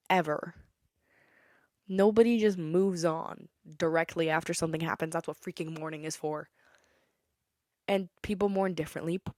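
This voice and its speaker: A teenage girl talks through her own podcast in a chatty, opinionated way. Her voice sits a little low for a woman. The recording is dry and close, with no room sound around her. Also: a little mellow, dry recording. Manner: chatty, opinionated, breaks into song. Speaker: podcast host. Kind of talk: casual solo podcast monologue.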